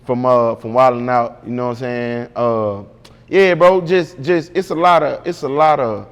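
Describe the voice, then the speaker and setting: A man's voice: medium pitch, fairly even intonation, moderate pace, clean tone, long reverb tail. A man guest in an interview, telling a story casually and with animation, full of slang and repeated "bro".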